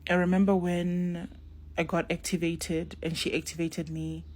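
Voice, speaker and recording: A woman's voice: lowish voice, flat delivery, measured pace, darkish tone. A young woman tells a spiritual story casually to her viewers and acts out the dialogue. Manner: acts out dialogue in shifting voices, talks straight to viewers.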